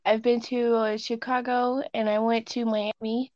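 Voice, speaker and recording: A woman's voice: on the high side, flat delivery, a little slow, muffled recording. A woman with a Southern US accent, a guest chatting in an easygoing, giggly way. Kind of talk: casual interview chat.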